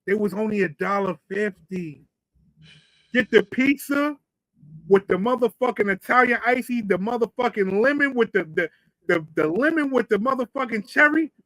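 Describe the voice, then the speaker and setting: High-voiced New man telling stories. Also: moderate pace, no room sound, low-quality recording. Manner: profane, rambling, animated storyteller. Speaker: podcast co-host. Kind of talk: casual storytelling.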